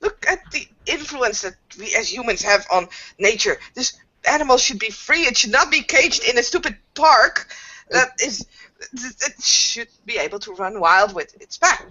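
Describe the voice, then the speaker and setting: A woman playing a tabletop role-playing game, talking in an excitable, indignant way. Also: on the high side. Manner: excitable, indignant, fast shifts to hushed urgency. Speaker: player. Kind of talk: tabletop role-play, in and out of character. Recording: dull lo-fi sound.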